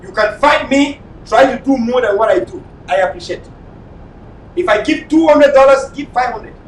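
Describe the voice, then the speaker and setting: Impassioned Cameroonian man, high echoey voice. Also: expressive, normal speed. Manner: impassioned and repetitive, at times shouting. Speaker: online TV talk show host. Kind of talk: late-night live talk show monologue. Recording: echoey room, mic at a distance, faint rumble.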